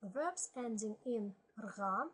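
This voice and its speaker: A woman teaching a language lesson, slowly reading word lists aloud and explaining grammar step by step. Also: medium pitch, lively intonation, fairly bright tone, slight background noise, poor audio. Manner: slow, methodical, reads word lists aloud.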